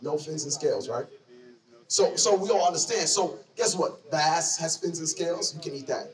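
A man's voice: on the high side, normal speed. A man teaching scripture to a crowd in a slangy, conversational call-and-response style, quizzing his listeners. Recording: distant mic amid a lively crowd.

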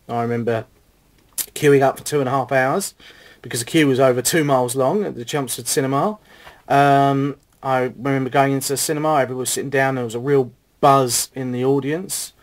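An enthusiastic middle-aged man talks through questions in a casual home video. His speech wanders, full of fillers and restarts. His voice sits at a medium pitch.

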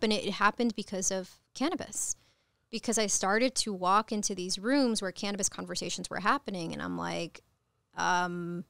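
A woman in her thirties from Ecuador, a cannabis attorney, speaking as a podcast guest in candid conversational storytelling, frank and animated, swearing casually. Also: mid-range voice, gravelly, smooth, no room sound, clean studio sound.

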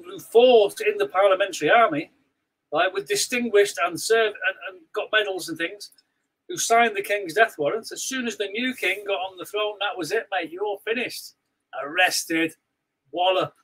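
A man with a Scouse accent, chatting on a live stream as co-host, blunt and animated, telling stories with lots of restarts. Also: sits high, normal speed, husky, poor audio. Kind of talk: casual live-stream chat.

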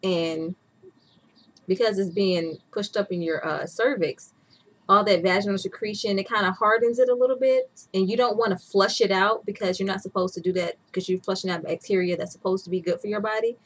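A woman's voice: medium pitch, steady tone, a little fast. A woman in her twenties chatting candidly as a vlogger, laughing often as she talks. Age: 20s. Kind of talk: casual chat.

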